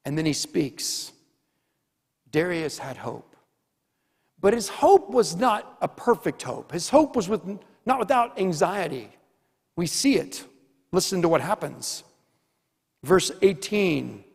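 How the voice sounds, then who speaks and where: A pastor delivers a sermon in an unhurried, deliberate way, with an emphatic, earnest manner and pointed rhetorical questions. His voice sits high for a man. The church hall around him leaves a long, lingering reverb. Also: big pitch swings, creaky, slightly rough.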